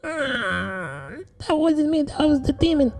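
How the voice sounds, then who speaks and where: A shrill, slow whine for a possessed little boy in a comedy bit. The voice squeals high and swoops wildly while it drags every word out. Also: very animated, creaky, faint music behind, heavily acted. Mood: cursing. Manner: high strained squeal, drawn out. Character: possessed hungry young boy, squeaky and whiny.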